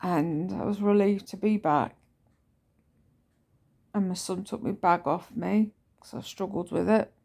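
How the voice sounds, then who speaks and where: A woman's voice: mid-range voice, steady tone, a little slow, gravelly, long pauses, dark tone. A woman telling a personal story in a casual, rambling vlog. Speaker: vlogger.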